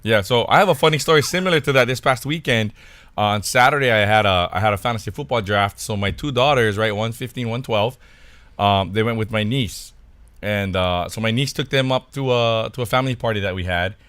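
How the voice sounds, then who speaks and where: A man's voice: on the low side, brisk, a bit bright, smooth, no echo. A man from Hawaii co-hosting a podcast, telling a funny story in casual chat and laughing along as he goes. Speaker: podcast co-host.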